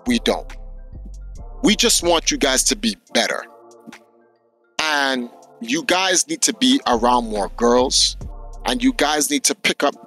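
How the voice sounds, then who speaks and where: A man hosting a podcast, telling stories in an animated, slangy way with lots of swearing. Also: on the high side. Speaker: podcast host. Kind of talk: casual podcast chat.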